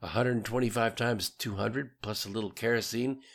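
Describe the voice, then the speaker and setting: A man voicing a gruff, hard-driving male military commander in an audiobook. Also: fairly low pitch, fairly even intonation, normal speed, fairly bright tone. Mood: commanding. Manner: barking orders. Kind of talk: audiobook reading.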